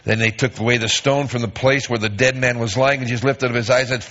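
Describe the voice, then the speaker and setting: A man preaching a sermon, reading scripture aloud and stressing key phrases with lively emphasis. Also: medium pitch, brisk, few pauses, lo-fi sound. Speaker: pastor.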